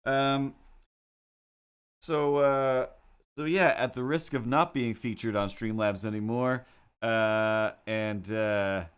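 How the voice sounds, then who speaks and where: A man's voice: mid-range voice, fairly even intonation, slow, smooth. Man, casual streamer, wry rambling storyteller, mid-range voice, desk mic. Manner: rambling, wry storytelling with self-mocking asides. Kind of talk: casual chat while drawing on a livestream.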